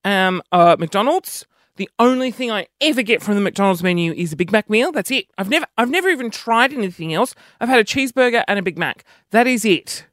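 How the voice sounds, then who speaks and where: A man's voice: high-pitched, lively intonation, brisk, fairly bright tone, no echo, studio quality. A man with an Australian accent, chatting in a rambling, self-mocking vlog monologue that jumps between topics. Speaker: vlogger. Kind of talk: casual monologue to camera.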